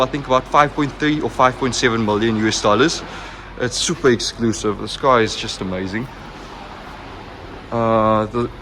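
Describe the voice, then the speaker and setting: A young man narrating a walkaround tour of a car showroom, full of excitement, repeating himself and leaning on "like" and "look at". He talks into a handheld camera mic indoors. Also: medium pitch, a little hiss or hum. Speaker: car vlogger.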